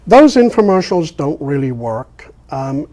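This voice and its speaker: An older man from England with an English accent that keeps its R's, answering interview questions as a guest in a rambling storytelling way with many ums and pauses. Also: fairly high pitch, sing-song, warm tone. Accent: English, pronouncing his R's. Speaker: guest, real estate investor.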